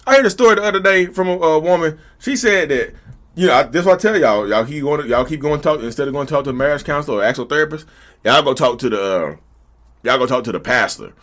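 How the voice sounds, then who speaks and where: A man's voice: fairly high pitch, lively intonation, quick pace, a bit bright. A man vlogging in a casual, preachy way, speaking straight to his viewers. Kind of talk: casual commentary to camera.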